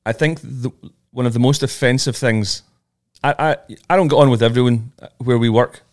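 A man's voice: mid-range voice, fairly even intonation, normal speed. A man co-hosting a podcast, talking in a rambling, friendly way with many restarts. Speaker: podcast co-host. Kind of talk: casual chat.

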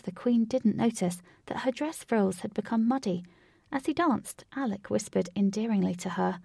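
A woman narrating a storybook in a steady, expressive reading voice. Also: medium pitch, vocal fry, no echo, studio quality. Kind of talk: storybook read-aloud narration.

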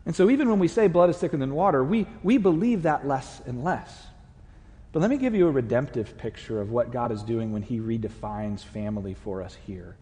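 A man's voice: medium pitch, lively intonation, a little fast, dark tone. Man preaching in a reverberant hall. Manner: conversational, asks the congregation questions. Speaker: pastor. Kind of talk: sermon. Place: church sanctuary.

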